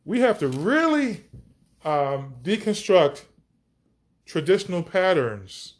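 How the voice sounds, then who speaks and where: A man's voice: high voice, sing-song, slow. A man teaching scripture on a podcast, enthusiastic, stretching out key words for emphasis. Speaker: preacher.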